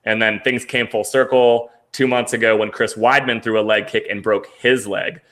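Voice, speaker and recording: On a casual sports podcast, a male co-host rambles loosely, packing his speech with fillers and laughing as he tells stories. His voice is on the low side, fairly bright, with fairly even intonation and a moderate pace.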